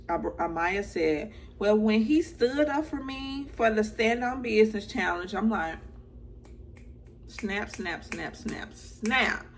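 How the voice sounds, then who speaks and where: Gravelly, unhurried woman vlogger chatting. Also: medium pitch, a little hiss or hum, low-quality recording. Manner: chatty, playful asides and exclamations. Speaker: reality TV recap vlogger. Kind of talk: casual recap chat.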